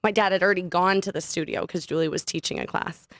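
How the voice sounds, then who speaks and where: A young adult woman, a podcast guest, telling a personal story in an animated, casual way and laughing often. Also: on the low side, fast, dry recording, clean studio sound. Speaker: podcast guest, studio owner. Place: podcast studio.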